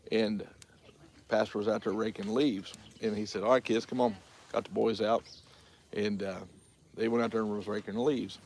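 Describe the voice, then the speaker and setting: Gravelly folksy Midwestern man. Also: lowish voice, darkish tone, a little hiss or hum. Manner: folksy storyteller, laughs often. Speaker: livestream host. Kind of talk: casual chat reading live chat.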